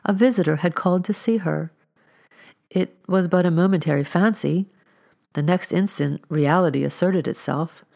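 A woman reading a period story aloud as narrator, at a measured, steady pace. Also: lowish voice, gravelly. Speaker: audiobook reader.

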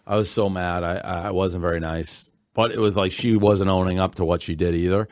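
A man's voice: sits low, fairly even intonation, fairly quick, a little mellow, dry recording, studio quality. A man hosting a podcast in casual chat, blunt and profane, telling stories with animation. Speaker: podcast host.

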